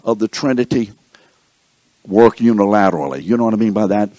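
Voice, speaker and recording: A man's voice: on the low side, brisk, pauses often, mellow, no echo. A man teaching a Bible study class, thinking aloud and often checking that the class is following. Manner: thinks aloud, with restarts and asides.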